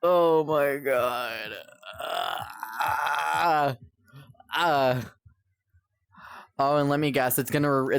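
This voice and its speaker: A man's voice: mid-range voice, clear, resonant tone, no room sound, clean studio sound. A young man live-streaming, chatting to viewers in a rambling, exasperated way and swearing often as his game keeps failing. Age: young adult. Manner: exasperated, rambling, swears a lot, talks to chat. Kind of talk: live-stream chat while gaming.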